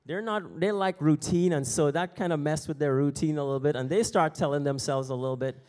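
A male pastor preaching in a relaxed, conversational way, leading into a lesson through a story. His voice sits slightly high. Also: a little fast, hardly any pauses. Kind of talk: sermon with story.

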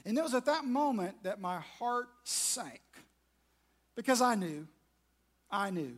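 High-voiced preacher telling a story. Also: male voice, sing-song, unhurried, pauses often, fairly bright tone. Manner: storytelling, self-mocking, conversational. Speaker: pastor. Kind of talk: sermon. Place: large room with audience.

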